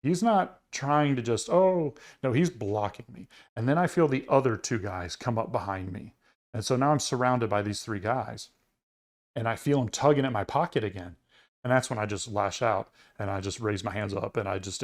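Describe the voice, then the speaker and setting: Speaking at a moderate pace in a mid-range voice, this man co-hosts a podcast and rambles through a travel story. The chat is casual, packed with fillers and restarts.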